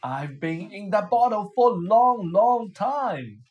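A woman's voice: mid-range voice, lively intonation, slow, muffled recording, pitched above the performer's own voice. A woman reading a storybook aloud and voicing a big, bad, hungry male genie who growls and snaps. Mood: impatient.

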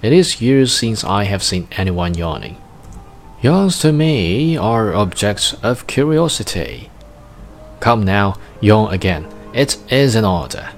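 A man putting on a loud, bossy king. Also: fairly low pitch, lively intonation, slow, soft background music. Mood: imperious. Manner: loud and commanding. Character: proud, bossy old king ruling a tiny planet.

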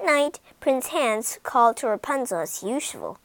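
Expressive woman reading a fairy tale. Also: on the high side, unhurried, few pauses, no room sound, rough recording. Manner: expressive, dramatic. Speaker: storyteller. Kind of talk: storybook narration.

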